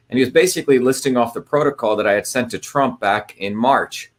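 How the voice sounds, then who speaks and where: A man's voice: mid-range voice, fairly quick, hardly any pauses. Chatty man hosting a livestream. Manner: loose and conversational, many "you know" fillers and restarts. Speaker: host of an online open house. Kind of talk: casual livestream lecture.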